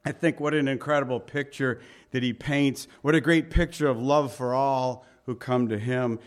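A man preaching a sermon as a pastor, earnest, asking the congregation rhetorical questions and swinging between loud emphasis and soft, low passages. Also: fairly even intonation, normal speed.

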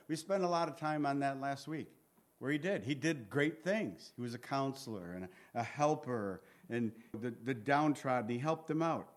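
Earnest higher-voiced male Bible teacher. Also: normal speed. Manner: earnest, reads scripture aloud and acts out the pleas; conversational asides to listeners.

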